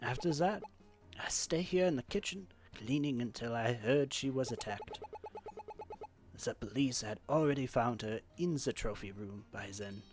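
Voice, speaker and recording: A man's voice: medium pitch, moderate pace, soft background music, close to an everyday voice. A man voicing an adult male French chef with a clumsy mock French accent, proud and fussy. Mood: defensive. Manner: voices his own lines in a put-on accent he admits he can't do.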